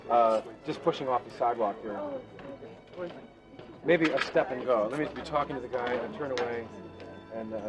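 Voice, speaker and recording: A man's voice: mid-range voice, normal speed, pauses often. A man in his thirties, an actor, chatting casually and animatedly on an outdoor film set. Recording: loud crowd and music behind.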